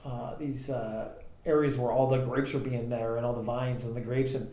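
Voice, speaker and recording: The podcast co-host's mid-range voice has a dark tone and a flat delivery at normal speed. He rambles through stories about his transportation business, using lots of fillers, in a relaxed chat recorded in an echoey room with faint background noise.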